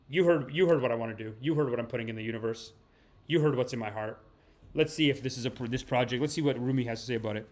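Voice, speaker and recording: A brash young man hosting a comedic podcast, swearing freely and swinging between loud bursts and low mutters. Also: fast talker. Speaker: podcast host. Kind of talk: comedic podcast monologue and card reading.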